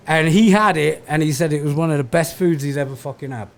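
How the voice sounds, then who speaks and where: A man's voice: on the high side, brisk. Blunt, foul-mouthed Manchester man. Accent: Manchester English. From England. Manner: profane, blunt storytelling. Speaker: comedian guest. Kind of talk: casual podcast chat.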